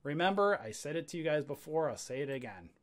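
Man, slightly high voice, fired-up trading teacher, ranting webinar, preacher-style calls to viewers. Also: big pitch swings, fast talker. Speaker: trading educator. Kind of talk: livestream webinar on stock charts.

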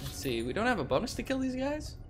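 A young man commentating his gameplay in a goofy, trash-talking way, shouting during fights. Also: very high-pitched, big pitch swings, fast, slight background noise. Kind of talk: let's play commentary. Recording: game music behind voice.

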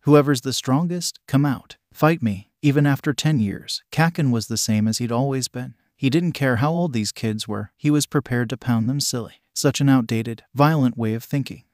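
A man narrating a fan fiction story in a steady, even reading. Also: mid-range voice, normal speed, hardly any pauses, no room sound, clean studio sound.

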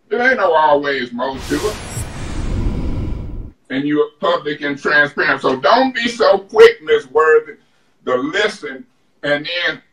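A man's voice: on the high side, a little slow, bright, forceful tone. A man speaking as a city council member in a heated debate, combative and emphatic, recorded from a distance in a council chamber. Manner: combative, emphatic, mocking others in put-on voices. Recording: echoey chamber, distant mic.

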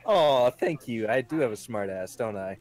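A man's voice: mid-range voice, expressive, moderate pace, loud music behind the voice. A man joining a let's-play stream as a friend, joking and self-mocking. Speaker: co-player friend. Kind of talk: casual let's-play chat.

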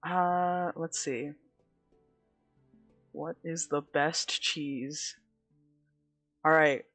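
A woman's voice: low voice, fairly even intonation, very slow, fairly bright tone, no room sound, soft background music. A woman streaming live, chatting casually with viewers in a giggly, dramatic way, laughing often.

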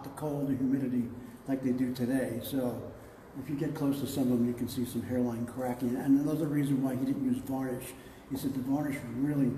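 Dark-voiced man telling relaxed stories. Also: medium pitch, slight background noise. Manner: relaxed, rambling anecdotes. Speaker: museum owner giving a tour. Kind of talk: casual storytelling on a tour. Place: large museum gallery indoors. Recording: echoey gallery with long reverb.

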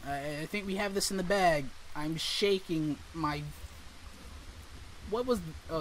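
Jumpy, slow-talking young man gaming. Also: fairly high pitch, slight background noise, rough recording. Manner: nervous, jumpy, talks to the game characters. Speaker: gaming YouTuber. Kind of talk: horror game let's play commentary.

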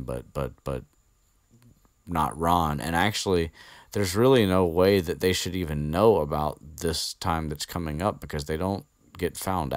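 A man's voice: extremely low pitch, dry recording, clean studio sound. A man hosting a podcast, recapping a book in a rambling, chatty way and swearing casually. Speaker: podcast host.

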